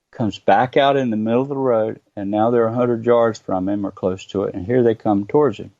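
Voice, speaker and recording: A man's voice: fairly low pitch, gravelly, mellow, dry recording, muffled recording. A man, a radio show guest, earnestly recounting a personal experience in vivid detail, with hesitations.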